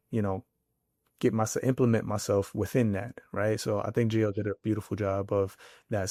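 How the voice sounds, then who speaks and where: A man speaks as a guest author and educator, his voice low and mellow. He talks in a flat, even way and pauses to repeat words as he thinks. The sound is dry and close. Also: no room sound. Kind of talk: reflective interview talk.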